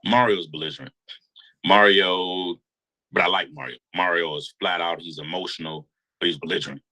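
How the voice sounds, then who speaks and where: A man telling a long story in a casual interview, animated and slangy. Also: low voice, moderate pace, low-quality recording. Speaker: guest storyteller.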